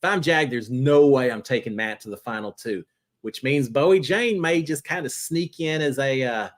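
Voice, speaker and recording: A man hosting a live reality-TV chat show, answering viewer questions in a chatty, animated way. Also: medium pitch, moderate pace. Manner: chatty and animated, jumping between topics.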